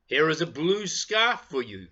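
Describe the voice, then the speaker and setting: A man's voice: a little high, very animated, measured pace, sharp tone, lo-fi sound, pitched above the performer's own voice, full character voice. A man voicing a kindly old male toy maker in a children's story reading.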